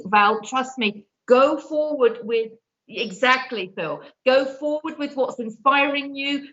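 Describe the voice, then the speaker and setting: Earnest high-voiced woman reading cards. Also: a bit bright, lo-fi sound. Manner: earnest, emphatic, reassuring. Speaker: card reader guest. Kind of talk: live online card reading.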